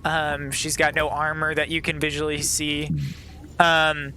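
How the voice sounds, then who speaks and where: A man's voice: on the high side, monotone, unhurried, bright, forceful tone, a little hiss or hum. A man narrating as game master in a tabletop game, rambling with many fillers.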